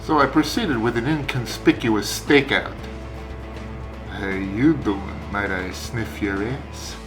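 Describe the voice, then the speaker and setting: A man voicing a gruff German Shepherd mob father who narrates in a deadpan, wisecracking hard-boiled style for a cartoon. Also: lowish voice, slow. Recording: roomy echo, faint music.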